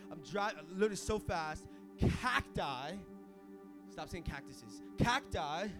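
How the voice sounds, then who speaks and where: High-voiced, animated young preacher. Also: male voice. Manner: animated, swings from hushed to shouting, casual slang. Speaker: pastor. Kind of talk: energetic sermon.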